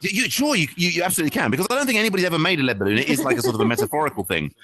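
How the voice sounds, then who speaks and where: Fast, rambling self-mocking comedian man. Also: on the high side, expressive, sharp tone. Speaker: stand-up comedian host. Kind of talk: improvised stand-up to a virtual audience. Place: virtual-reality social world, talking into a headset.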